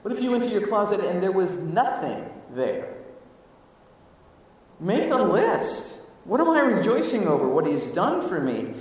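Animated preacher in an echoey church hall. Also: male voice, high voice, measured pace. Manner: animated, swings from hushed asides to loud exclamations. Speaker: pastor. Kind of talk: sermon. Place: church sanctuary. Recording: echoey hall, mic at a distance.

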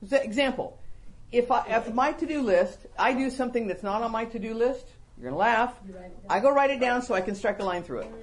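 Animated, self-mocking woman host. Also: a little high, brisk. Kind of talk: casual faith-based talk show chat.

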